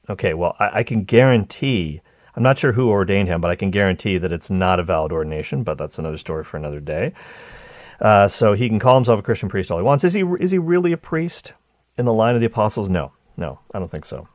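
A man's voice: lowish voice, a little mellow, no echo, clean studio sound. A man giving casual commentary, reading from a transcript with chatty, digressive asides and frequent restarts.

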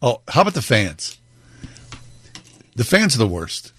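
A man co-hosting a radio show, chatting casually with wry, drawn-out agreement. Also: mid-range voice, wildly swooping pitch, crowd noise. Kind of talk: casual chat.

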